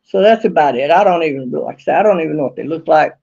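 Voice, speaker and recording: A man casually vlogging outdoors behind his house, rambling in a folksy way with drawn-out fillers. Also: on the high side, animated, creaky, darkish tone, highs cut off.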